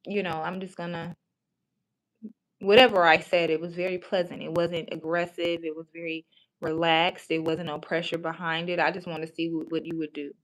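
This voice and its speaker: A woman's voice: on the low side, flat delivery, moderate pace, fairly bright tone. A woman hosting a livestream in casual chat, talking bluntly and profanely, rambling with many restarts. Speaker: livestream host.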